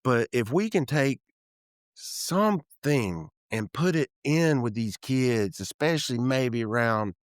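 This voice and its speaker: A man's voice: mid-range voice, takes it slowly, no room sound, studio quality. A man in his fifties from Tennessee, a guest in an interview, telling candid stories and acting out the people he quotes, often trailing off and restarting. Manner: animated storyteller who acts out quoted dialogue, trails off and restarts. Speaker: guest, real estate developer. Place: office room.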